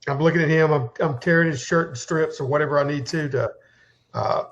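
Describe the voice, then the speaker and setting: A man's voice: fairly high pitch, a little fast, a bit bright, muffled recording. A man playing a tabletop game, describing his character's actions eagerly, with stumbling restarts. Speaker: player.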